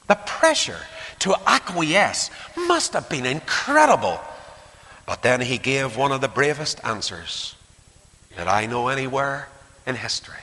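Animated bright-voiced male preacher. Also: medium pitch, measured pace, husky. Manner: animated, acts out quotes, drops to hushed asides. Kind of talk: sermon. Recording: long hall reverb.

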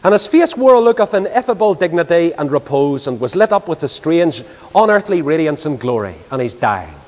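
Animated preacher man in a reverberant hall. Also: a little high, brisk. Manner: animated, swinging from loud exclamations to hushed tones. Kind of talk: storytelling sermon. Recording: long reverb of a large hall.

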